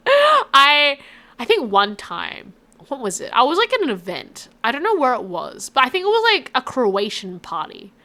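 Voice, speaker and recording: An Australian woman chats casually to her stream audience, talking in a bright, high voice. Her pitch swings widely as she rambles and reacts to chat. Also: huge pitch swings, measured pace. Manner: chatty, rambling, reacting to chat with frequent laughs.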